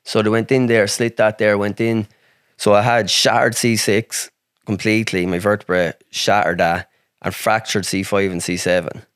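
A man's voice: on the low side, flat delivery, normal speed, fairly bright tone, clean tone, dry recording, studio quality. An Irish man from Ireland, a podcast guest telling a story in a rambling way, with heavy swearing and lots of "like". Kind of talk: casual storytelling.

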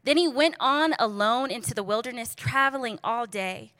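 A woman's voice: on the high side, moderate pace, no echo. A woman preaching in a casual, storytelling way, joking and talking straight to her listeners. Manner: lively, joking, addresses the audience directly.

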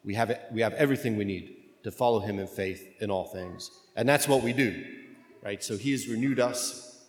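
A man's voice: fairly low pitch, moderate pace. A man preaching a sermon in a conversational way, often checking in with his listeners with "right?" and "okay?". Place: church. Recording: echoey church with long reverb.

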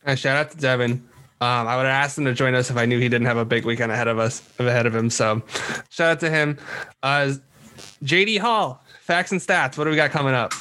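A man's voice: mid-range voice, a little fast, bright, forceful tone. A man hosting a casual podcast, easygoing as he wraps up and hands off to each guest. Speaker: podcast host.

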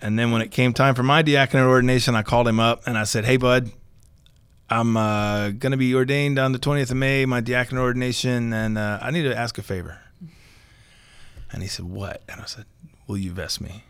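A man's voice: medium pitch, brisk, clear, resonant tone, no echo. A young man, a seminarian guest, telling a story casually and acting out the dialogue. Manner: animated, acts out dialogue with laughter.

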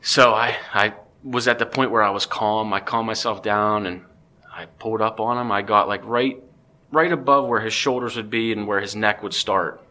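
Deep-voiced man telling a hunting story. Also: normal speed. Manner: animated, excitable storytelling with many restarts. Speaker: podcast guest. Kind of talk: casual storytelling.

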